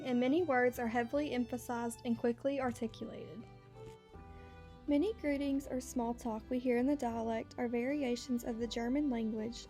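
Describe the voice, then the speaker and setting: A woman narrating a scripted class presentation, reading steadily and slowing down for example words. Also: fairly high pitch, darkish tone. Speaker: student presenter.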